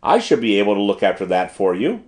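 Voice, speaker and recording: A man's voice: on the low side, very animated, fast, pitched below the performer's own voice. A man voicing an eager, obliging male shop assistant who speaks reassuringly in an audiobook reading.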